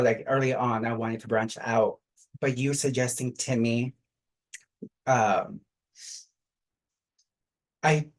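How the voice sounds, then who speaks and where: A man who is a finalist in an online game, explaining his strategy in a halting way while searching for words. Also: medium pitch, rough recording. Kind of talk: casual online call.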